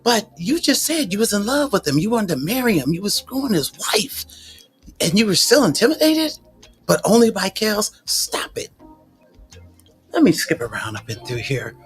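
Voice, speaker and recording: A man's voice: high voice, wildly swooping pitch, normal speed, soft background music. A man reading out court testimony and reacting with sassy, exasperated commentary, using slang and cussing. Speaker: commentary host.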